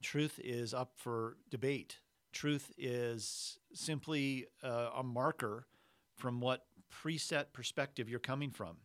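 Measured, conversational male preacher, dry sound. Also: mid-range voice, fairly bright tone, dry recording. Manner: conversational, measured, explanatory asides. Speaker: pastor. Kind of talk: sermon with scripture reading.

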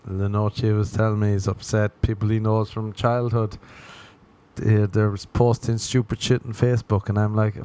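A man's voice: lowish voice, flat delivery, moderate pace, warm tone, clear, resonant tone. A young man delivering a rambling, profane comic monologue, sarcastic and laughing at his own jokes.

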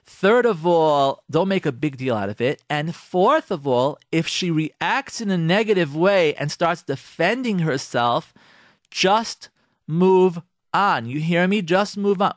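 A man, a rabbi on a radio talk show, giving marriage advice to husbands and acting out their imagined replies in quick asides. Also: on the high side, animated, no echo, clean studio sound. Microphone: close studio microphone.

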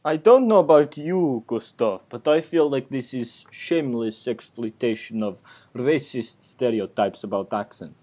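A man playing a menacing male talent-show judge with a put-on Russian accent, deadpan and threatening. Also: mid-range voice, unhurried. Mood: dry mocking. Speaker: podcast co-host. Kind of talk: improvised comedy sketch.

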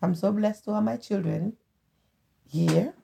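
A woman's voice: medium pitch, unhurried, creaky, warm tone, a little hiss or hum. A middle-aged woman from Haiti with a Haitian Creole accent, speaking earnestly in a casual conversation and often repeating her phrases. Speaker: interviewee, mother of the host.

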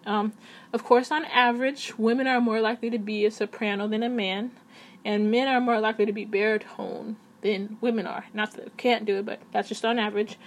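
A woman's voice: on the high side, level tone, brisk. A woman talking casually to camera at her computer, chatty and rambling, often correcting herself. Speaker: vlogger.

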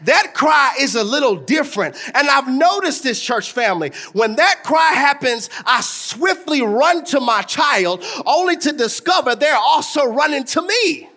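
Man, pastor, very high voice, sermon, sing-song cadence, rising to shouts, talks to the church. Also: animated, moderate pace, few pauses. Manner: talks straight to the congregation.

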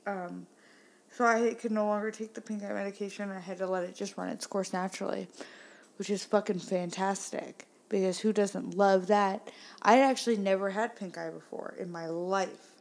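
A woman's voice: mid-range voice, fairly even intonation, moderate pace, vocal fry. A woman hosting a casual solo podcast, talking in sarcastic, profane, rambling complaints. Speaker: podcast host.

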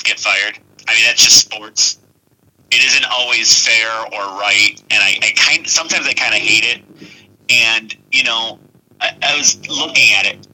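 A male hockey broadcaster calling in as a podcast guest, laying out his view point by point with a lively delivery. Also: medium pitch. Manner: lively, lays out numbers in measured points. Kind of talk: phone-in interview. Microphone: telephone. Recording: tinny phone line.

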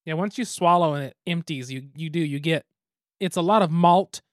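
A man hosting a board game podcast in a relaxed, chatty way, talking into a mic on a stand. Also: on the high side, moderate pace, no room sound, clean studio sound. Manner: relaxed, chatty, laughs easily. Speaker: podcast host. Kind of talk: casual chat.

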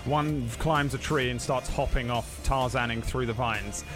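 A man's voice: medium pitch, unhurried. A man narrating a tabletop game as game master, casual and chatty. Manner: casual, laughs often, filler words. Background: background music.

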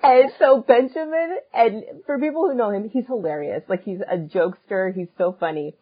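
A woman co-hosting a podcast, telling a funny story in casual chat, animated and laughing often. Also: mid-range voice, normal speed, phone-quality sound. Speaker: podcast co-host and musician.

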